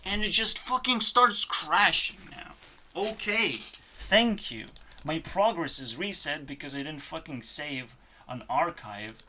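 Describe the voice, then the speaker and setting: A channel host at a home computer desk, delivering a frustrated rant full of swearing that swings between loud outbursts and quiet muttering. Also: mid-range voice, slow pace, slight background noise. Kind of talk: ranting vlog.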